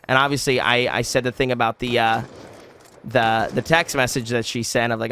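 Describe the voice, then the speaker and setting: A young man casually telling a story on his vlog, animated and rambling, with many likes and restarts. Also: medium pitch, a little fast, slight background noise. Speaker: vlogger.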